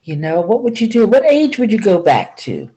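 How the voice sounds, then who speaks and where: An older woman telling a folk tale in a lively spoken way, acting out each character's lines. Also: normal speed, rough recording. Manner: lively, acts out each figure with big pitch jumps. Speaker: storyteller. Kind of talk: folksy spoken storytelling.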